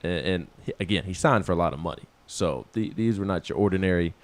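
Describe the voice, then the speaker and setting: A man's voice: deep voice, quick pace. A man co-hosting a casual sports talk show, rambling with many restarts and laughing at himself. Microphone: studio microphone.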